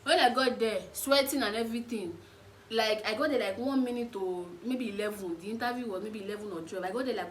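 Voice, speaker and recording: A young woman in her twenties with a Nigerian accent, telling stories in a casual vlog and acting out the people in them. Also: medium pitch. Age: 20s. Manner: animated, acts out the other people in her stories. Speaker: vlogger. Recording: echoey room, faint background noise.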